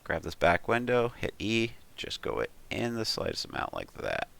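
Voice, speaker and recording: A man with a deep voice and a gravelly, fry-edged texture talks a viewer through a modeling tutorial, step by step. His delivery is casual and unhurried, and he thinks aloud with plenty of ums and uhs. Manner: relaxed, thinks aloud with frequent "um" and "uh"; talks the viewer through steps with "we'll" and "you could". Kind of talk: casual screen-recorded tutorial.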